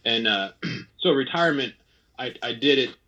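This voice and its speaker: A man's voice: medium pitch, expressive, moderate pace, sharp tone, lo-fi sound. A man in his thirties, a former athlete, talking candidly and at length in a casual interview, often restarting and quoting his own thoughts. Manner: candid, rambling, frequent restarts and quoted self-talk. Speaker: interview guest, retired ski racer.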